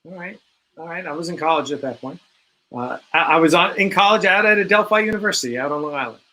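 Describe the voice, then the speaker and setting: A man's voice: on the high side, fast, pushed and bright, a little hiss or hum, poor audio. A man from the New York area, hosting a casual podcast chat with rambling, self-correcting answers. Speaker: host.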